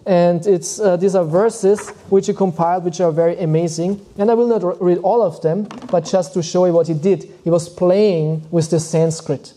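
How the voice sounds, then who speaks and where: A man giving a devotional lecture, reading verses and explaining them in an unhurried way with frequent pauses. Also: sits high, fairly even intonation, dark tone. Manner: unhurried, thoughtful, often pauses with "uh" and restarts words. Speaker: spiritual teacher.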